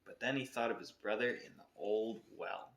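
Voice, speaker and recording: A man's voice: lowish voice, normal speed, a bit bright. A man co-hosting a podcast, reading a picture book aloud expressively, with occasional self-corrections. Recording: roomy echo.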